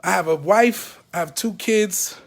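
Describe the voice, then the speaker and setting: A former member speaks out on camera a little slowly, his voice sitting high. He is raw, emotional and profane, bringing the people he talks about to life by performing their words.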